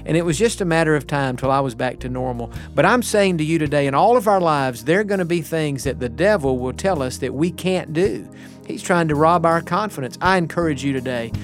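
A middle-aged male pastor giving an earnest, encouraging devotional message with personal stories. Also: fairly high pitch.

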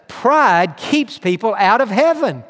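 A man with a high, ringing voice preaches a sermon, reading scripture and pressing his points with earnest emphasis. His voice trails off into a long reverb, as in a big hall. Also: lively intonation, takes it slowly, a bit bright. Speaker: pastor.

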